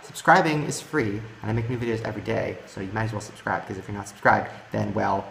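A young man hosting a comedic game commentary video, crude and sarcastic, swinging between deadpan mutters and loud shrieks. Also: on the low side, fast, creaky, hardly any pauses, slight background noise. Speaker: gaming video host. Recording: echoey room with music behind.

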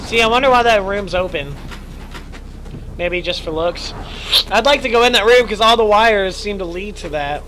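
Young male streamer, high bright voice going hoarse, chatty, yelps at scares, faint hum behind. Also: expressive, normal speed, low-quality recording. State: losing his voice, stuffy nose. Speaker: streamer playing a horror game. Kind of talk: live gaming commentary.

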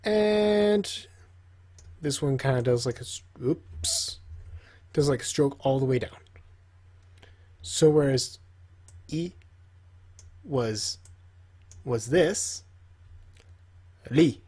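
Husky man teaching in a slow drawl. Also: medium pitch, warm tone. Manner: joking, talks to himself while drawing. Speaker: language teacher. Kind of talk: casual tutorial while drawing.

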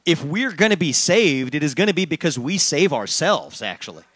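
A man's voice: a little high, sing-song, normal speed, fairly bright tone, slightly rough. A man hosting a town hall meeting, answering questions fluently with jokey asides and a rallying close. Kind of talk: public town hall remarks.

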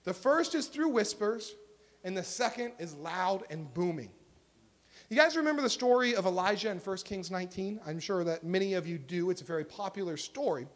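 Male pastor, high voice, earnest sermon, emphatic lines that fall to a hush. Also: lively intonation, normal speed. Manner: earnest, swings from emphatic to hushed. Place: church sanctuary.

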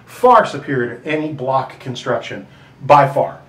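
A middle-aged man plays a real estate agent giving a rambling, joking tour of a large empty house, talking casually to the camera while slightly out of breath. His voice is medium-pitched and a bit bright, with lively intonation and an unhurried delivery. The empty rooms make the recording echoey.

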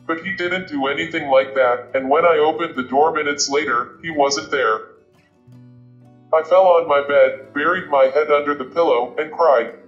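A man narrating an audiobook in a measured, reflective way. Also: on the high side. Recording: muffled with soft guitar music.

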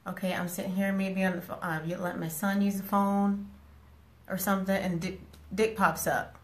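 In a roomy-sounding live stream, a woman speaks to her followers at a moderate pace with a flat delivery and medium pitch. This social media personality is casual and frank, repeating herself as she fondly scolds them.

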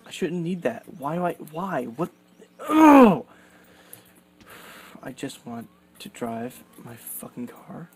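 A man's voice: medium pitch, unhurried. A young man commenting on his gameplay, exasperated and swearing often. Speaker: gaming streamer. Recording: faint background noise.

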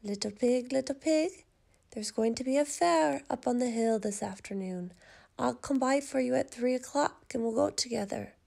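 A woman voicing a greedy, sly male big bad wolf, speaking slowly and loudly. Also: high-pitched, vocal fry, exaggerated voice. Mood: falsely sweet. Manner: slow, loud, drawn-out threats.

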